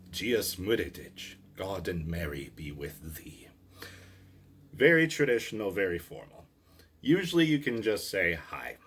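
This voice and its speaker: Guy doing a slow, chatty grammar lesson, kinda husky, voice goes up and down a lot. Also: fairly low pitch. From Ireland. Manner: chatty, patient, asks and answers own questions. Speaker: language teacher. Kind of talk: explaining grammar to camera.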